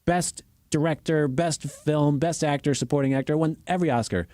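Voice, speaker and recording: A man co-hosting a podcast, chatting casually about movies in an animated, joking, self-mocking way. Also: a little high, moderate pace, no echo, studio quality. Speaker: podcast co-host. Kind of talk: casual movie review chat.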